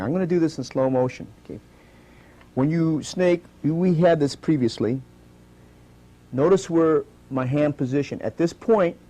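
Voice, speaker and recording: A man instructing a martial arts demonstration, calm and methodical, calling out each move and repeating "notice" and "okay" as he walks through it slowly. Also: a little high, a little hiss or hum. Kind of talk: live demonstration teaching. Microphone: stage demonstration recording.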